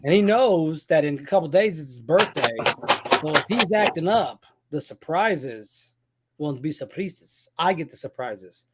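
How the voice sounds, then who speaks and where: A man co-hosting a podcast in casual chat, joking and excitable, often cutting in. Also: on the high side, measured pace, heavy background noise. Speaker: podcast co-host.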